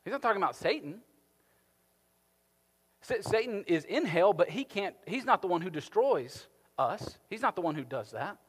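A man preaching a sermon, animated, swinging from emphatic peaks down to soft, quiet lines. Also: high voice, normal speed, slightly rough. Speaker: pastor. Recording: long hall reverb.

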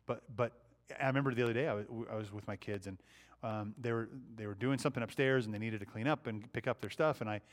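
A man in his thirties teaches a Bible study in a relaxed, conversational way and keeps turning questions back to his listeners. His voice sits at an ordinary middle pitch. He sounds like a father talking things over with a small group. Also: quick pace.

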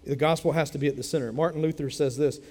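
A man's voice: on the high side, fairly even intonation, fast talker, darkish tone, long reverb tail. A man preaching a sermon as a pastor, speaking in a conversational way and repeating phrases for emphasis. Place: church sanctuary.

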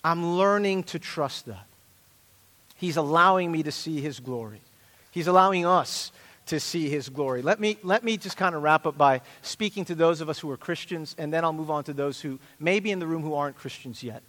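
A man's voice: on the high side, normal speed, a bit bright. A middle-aged male pastor preaching an earnest, emphatic sermon with repeated phrases. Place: church sanctuary. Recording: long hall reverb.

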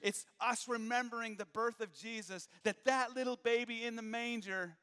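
A man preaching a sermon, moving from hushed, low passages to raised, emphatic ones. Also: steady tone, normal speed, clear, resonant tone, long reverb tail.

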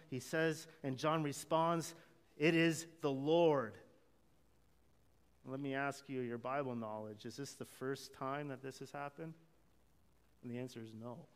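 Male pastor, higher voice, smooth, animated sermon delivery in a reverberant church hall. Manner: animated preaching, acting out quoted lines, with light chuckles.

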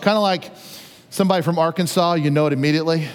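A man's voice: fairly high pitch, fast. A male pastor preaching a sermon in a conversational, storytelling way, acting out the scenes. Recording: long reverb of a large hall.

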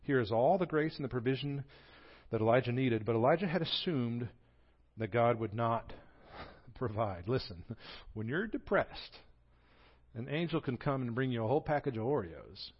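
A man's voice: mid-range voice, lively intonation, normal speed, breathy edge, lo-fi sound. A man with a Southern American accent preaching a sermon as pastor, telling the story with animation and acting out the quoted voices.

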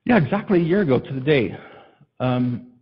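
Impassioned husky male pastor preaching. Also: medium pitch, animated, fairly quick, lo-fi sound. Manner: impassioned, builds to loud emphatic peaks. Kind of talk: sermon.

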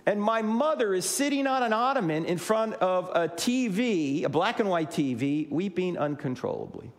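Speaking at normal speed with few pauses, this high-voiced man is in his sixties and hails from New Jersey, USA. His humorous Christian apologetics talk to a live crowd echoes through a big room, and he animatedly acts out the dialogue as he tells stories.

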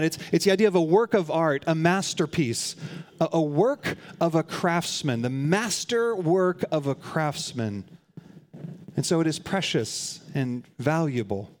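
A man preaching a sermon to his congregation, earnest and conversational, often restarting phrases and adding light humorous asides. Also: fairly high pitch. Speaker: pastor.

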